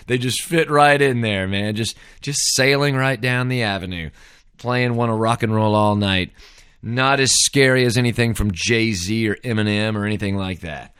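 A man's voice: mid-range voice, normal speed, fairly bright tone, clean tone, no room sound, studio quality. A middle-aged man hosting a podcast, rambling through a wry, casual solo monologue full of "man" and "dude.". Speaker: podcast host.

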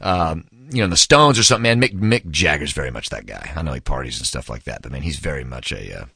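A man in his forties chats through a book review, low-pitched but bright and forceful in tone. He tells stories with big enthusiasm and acts out the quotes. The sound is dry and close. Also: lively intonation, quick pace, vocal fry, breathy edge, no room sound. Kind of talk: casual spoken book review.

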